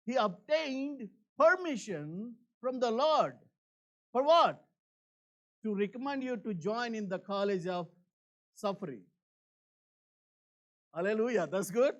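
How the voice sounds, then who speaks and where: A man preaching a church sermon in an earnest, repetitive way, with many fillers, swinging between emphatic and hushed. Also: high-pitched, expressive, slow, long pauses, lo-fi sound. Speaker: pastor.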